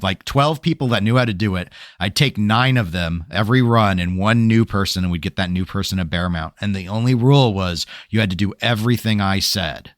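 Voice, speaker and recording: A man with a low-sitting voice co-hosts a casual gaming podcast, recorded dry with clean studio sound. An animated storyteller, he spins a long tangent and acts out exasperated quotes.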